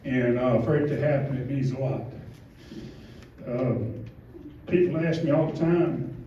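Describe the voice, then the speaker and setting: Warm and mid-range, a little slow, this man's voice comes through a muffled, distant, roomy mic with slight background noise. He's a middle-aged Georgian accepting an award at an event, rambling, sincere, self-deprecating, and growing emotional.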